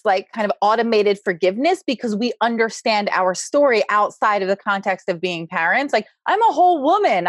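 A woman in her forties talking candidly as a podcast guest, loud and animated, laughing often. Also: fairly high pitch, no room sound. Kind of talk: candid conversational interview.

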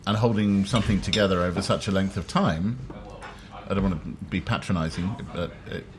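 A South London man with a low voice and brisk delivery interviews a guest over a meal at a dinner table, telling wry, self-deprecating stories in a casual chat. Cutlery and dishes clink in the background.

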